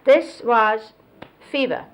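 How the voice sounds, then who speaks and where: A middle-aged woman, reminiscing in an interview and explaining gestures in a halting way with many pauses. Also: on the high side, lively intonation, rough recording. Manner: halting, with fillers and restarts, laughs now and then.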